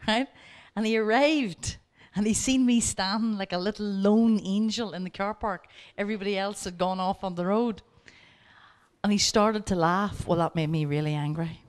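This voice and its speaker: A woman speaking at a workshop, telling lively stories and coaching her audience directly. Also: mid-range voice, moderate pace. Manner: lively anecdotes, acting out both sides of the dialogue. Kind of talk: storytelling lecture.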